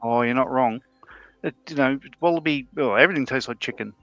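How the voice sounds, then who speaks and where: A man's voice: medium pitch, fairly bright tone, no echo, soft background music. Rambling man on a dull mic. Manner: rambling, halting, with frequent restarts and laughs. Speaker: livestream co-host. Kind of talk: casual chat while building models.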